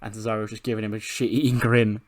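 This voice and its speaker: A man's voice: on the low side, level tone, fast talker. Swearing, laid-back male game commentator. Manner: casual, swears freely, laughs. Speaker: gaming video host.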